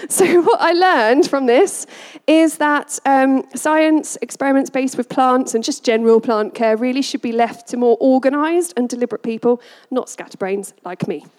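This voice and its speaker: A woman parent giving a personal storytelling talk, animated and laughing often as she acts out quotes. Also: high voice, measured pace.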